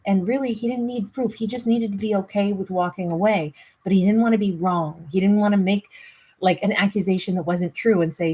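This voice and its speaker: A woman giving a casual, rambling tarot reading, chatting warmly with viewers and laughing often as she goes off on tangents. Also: mid-range voice, moderate pace, husky, poor audio. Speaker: tarot reader.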